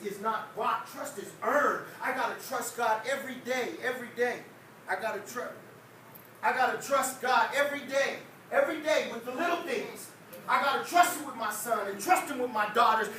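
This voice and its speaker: A high-pitched male evangelist preaches a revival sermon in a church sanctuary, building his points through repeated, emphatic refrains. He is picked up from a distance, with heavy echo and clear room noise around him. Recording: echoey church hall, distant mic, noisy.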